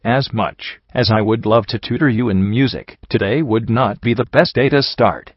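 A man's voice: medium pitch, moderate pace, no echo, lo-fi sound, close to an everyday voice. A man voicing a refined, fussy young mare cellist who speaks in a prim, formal way. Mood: polite refusal.

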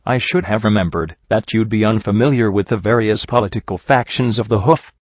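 A man reading the lines of a calm, dignified aristocratic unicorn prince in a storybook. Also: fairly low pitch, brisk, no echo, highs cut off, close to an everyday voice.

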